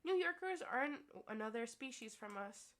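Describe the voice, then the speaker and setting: A woman's voice: on the high side, animated, normal speed, fairly bright tone. A woman reading a prim know-it-all schoolgirl. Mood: indignant. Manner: formal, lecturing. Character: prim, serious know-it-all teenage girl.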